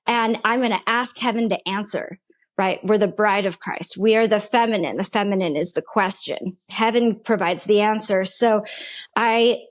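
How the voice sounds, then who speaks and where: A woman guest giving an earnest, emphatic personal faith testimony in conversation, speaking in short repeated phrases. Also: medium pitch. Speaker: podcast guest.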